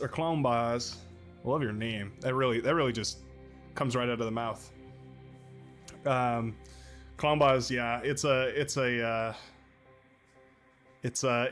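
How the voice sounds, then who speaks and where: A male streamer talks casually through a live match, picking apart his own play. His voice sits at an ordinary pitch, with faint music playing underneath. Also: fairly bright tone. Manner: self-critical, grumbling, chatty. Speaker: game streamer.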